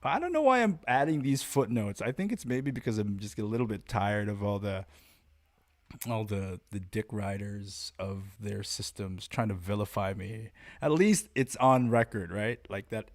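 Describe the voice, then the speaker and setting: A man hosting a casual podcast monologue, talking in a blunt, profane, rambling and animated way as a martial arts instructor. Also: lowish voice, normal speed.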